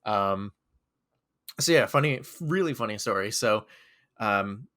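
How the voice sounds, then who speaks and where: A man's voice: on the low side, expressive, a little slow, sharp tone. Laughing young man telling a story. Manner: rambling storyteller, laughs often. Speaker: podcast co-host. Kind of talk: casual chat.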